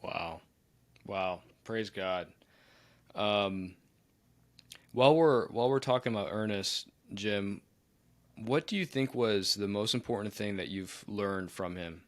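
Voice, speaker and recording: A man hosting a podcast, asking a guest questions in a soft-spoken way. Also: lowish voice, slow, pauses often. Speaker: podcast host. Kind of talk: interview questions.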